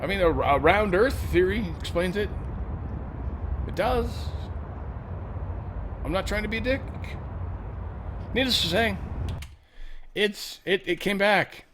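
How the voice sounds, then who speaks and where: A man's voice: high voice, expressive, takes it slowly, pauses often, noisy background. A man hosting a show, giving a casual news commentary monologue in an irreverent, joking and often profane way. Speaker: show host.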